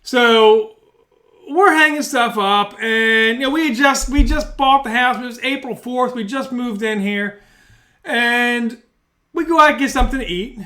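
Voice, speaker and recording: Guy swearing and rambling thru a home story, bright voice, talks into a mic at home. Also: very high voice, a little slow. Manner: profane, rambling, animated. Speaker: storyteller vlogger. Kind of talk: casual storytelling. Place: indoors at home, bedroom. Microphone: studio mic.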